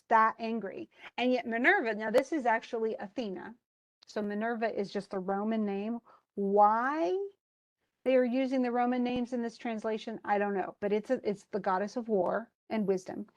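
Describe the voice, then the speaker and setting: A woman retelling a classic story in a chatty, opinionated way, giving a casual lesson. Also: on the high side. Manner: chatty, opinionated, uses many fillers. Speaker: teacher retelling a classic epic.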